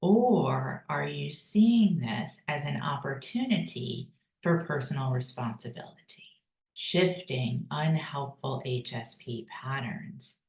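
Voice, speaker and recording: A woman teaching a personal growth course, calm and deliberate, with pauses for breathing and repeated key phrases. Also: low voice, echoey room, poor audio. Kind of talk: slow guided teaching with breathing cues.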